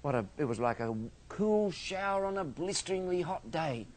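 Brief: Australian male minister, theology lecturer, fairly high voice, humorous storyteller. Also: animated, normal speed. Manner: humorous storytelling, self-mocking asides.

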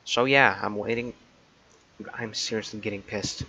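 A man's voice: on the low side, steady tone, normal speed, sharp tone, breathy edge, no room sound, rough recording. A man giving casual gaming commentary, muttering irritably and swearing a lot. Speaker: gameplay commentator. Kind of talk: casual let's play commentary.

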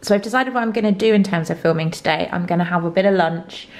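A woman's voice: fast talker, a little mellow, roomy sound. Congested young woman, chatty vlog talk. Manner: chatty, bubbly, talks to her dog in a high baby voice. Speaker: vlogger. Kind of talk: casual vlog chat.

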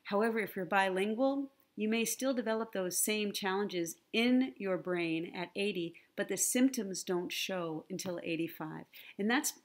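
A woman's voice: medium pitch, moderate pace, hardly any pauses. A woman presenting an online conference talk with slides, friendly and teacherly, often checking in with "right?" and "okay?". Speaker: conference speaker on the brain and language learning. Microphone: computer mic, online presentation.

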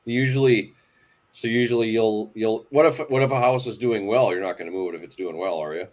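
A man hosts a fishing channel's live stream in a relaxed way. His voice sits low. He asks his guests easygoing questions and reads out what viewers send in. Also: fairly quick. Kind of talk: casual live-stream chat.

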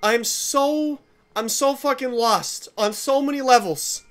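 A gamer giving excitable, swear-filled commentary while playing, with loud outbursts. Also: high voice, slow. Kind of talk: gameplay commentary.

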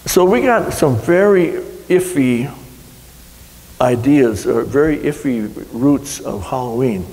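A man's voice: medium pitch, animated, takes it slowly, darkish tone. A middle-aged man, a pastor, preaching a sermon in a folksy, rambling storytelling way with frequent restarts. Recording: long hall reverb.

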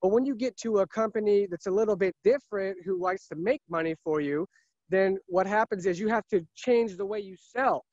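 A man's voice: high-pitched, brisk, a little mellow, no echo, dull audio. A man who sells cars, talking earnestly and emphatically in a casual interview, often repeating himself. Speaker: car salesman.

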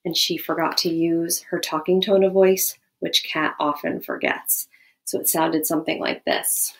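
Woman, school video lesson, gentle, patient, slightly low voice, asks kids questions. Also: level tone, a little slow, slight background noise. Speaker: school staff member teaching students. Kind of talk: recorded video lesson for children.

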